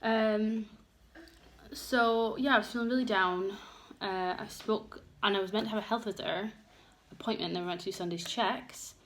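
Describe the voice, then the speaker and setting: A woman's voice: mid-range voice, steady tone, moderate pace, fairly bright tone. A young woman vlogging a candid get-ready-with-me chat, open and emotional, rambling with many fillers. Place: home room with children around. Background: noisy household.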